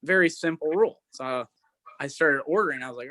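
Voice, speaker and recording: A man of twenty performing a stand-up set, self-deprecating and halting, with lots of fillers. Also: medium pitch, pushed and bright, no room sound. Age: 20s. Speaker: stand-up comic. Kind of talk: stand-up set over a video call.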